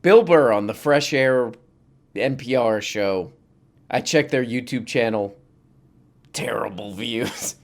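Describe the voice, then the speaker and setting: A man's voice: mid-range voice, measured pace. A man hosting a comedic reaction show, sarcastic and exasperated, laughing as he riffs on news clips.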